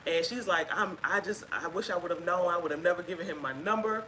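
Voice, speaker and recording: A woman's voice: on the low side, pushed and bright, a little hiss or hum, low-quality recording. Chatty woman telling a story. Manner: chatty, halting with fillers, acts out quoted speech. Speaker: guest sharing her story. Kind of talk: casual storytelling on a live stream.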